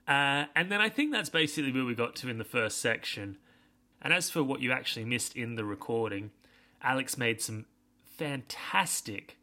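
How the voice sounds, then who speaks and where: Bright-voiced man rambling a sweary recap. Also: medium pitch. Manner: rambling, sweary, self-deprecating. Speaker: podcast host. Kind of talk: casual recap monologue.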